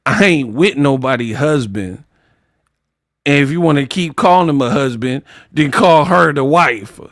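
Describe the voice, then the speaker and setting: A man doing a mocking impression of a brash, rambling woman boxer in interviews, pitched up and loud. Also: expressive, unhurried, no echo, studio quality.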